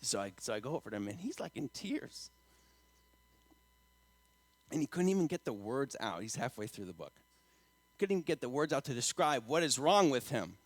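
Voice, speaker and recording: A man preaching a sermon as pastor, rising to loud emphatic lines and dropping to a quiet storytelling tone. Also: very animated, moderate pace, long pauses. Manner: emphatic preaching, getting louder and higher on key lines; drops to quiet storytelling in the anecdote.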